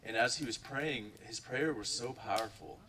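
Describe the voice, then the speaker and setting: A man's voice: medium pitch, moderate pace, pushed and bright, distant mic, a little hiss or hum, poor audio. A young man from Ohio telling a casual spoken testimony to a group, rambling with lots of fillers and "like". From Ohio, USA. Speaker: churchgoer giving a testimony.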